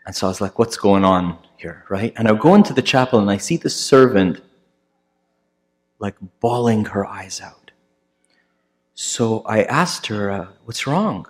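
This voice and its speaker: A priest telling a story in a sermon. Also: male voice, a little slow. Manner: conversational, many fillers and restarts; acts out quoted voices louder and higher.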